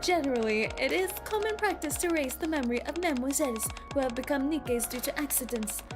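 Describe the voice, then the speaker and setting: A woman voicing a suave, teasing villain in a put-on French accent, reading game dialogue over loud game music. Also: high voice, animated, fast talker. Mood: smug. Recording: game music playing loudly behind.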